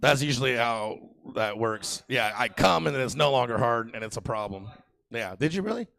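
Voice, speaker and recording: A man's voice: medium pitch, expressive, moderate pace, gravelly, fairly bright tone, no room sound. A young man performing a rambling, crude, self-mocking stand-up set on a comedy theater stage, working the crowd.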